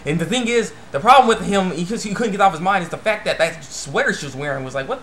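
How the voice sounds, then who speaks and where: A man's voice: fairly high pitch, animated, fast, hardly any pauses, a bit bright, a little hiss or hum. Rambling young man recapping an episode. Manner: rambling, repeats "he's like" and "um". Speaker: anime reviewer.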